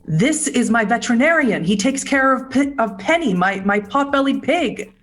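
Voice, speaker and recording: A woman's voice: fairly high pitch, animated, moderate pace, faint music behind, voice pushed up. Woman doing a flustered old priest. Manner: loud, scandalized, then confused. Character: fussy older male priest, flustered.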